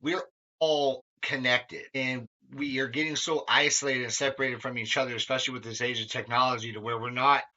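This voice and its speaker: A man's voice: medium pitch, fairly even intonation, brisk, bright, forceful tone. A young man hosting a podcast, talking candidly in a rambling way with lots of fillers and swearing. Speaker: podcast host. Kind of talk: candid conversational chat. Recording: dull lo-fi sound.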